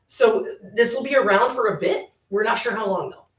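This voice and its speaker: Teasing co-host chatting on a stream, mid pitch, sounds far off in an echoey room. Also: normal speed, a bit bright. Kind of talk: casual livestream chat.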